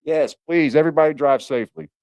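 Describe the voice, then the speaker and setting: A man's voice: fairly high pitch, quick pace, a little mellow, no room sound, clean studio sound. A man hosting a casual livestream, greeting chatters by name in a loose, profane, playful way. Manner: profane, slangy. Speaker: livestream host. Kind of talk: casual live-chat roll call. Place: home. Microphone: fixed camera on a stabilizer.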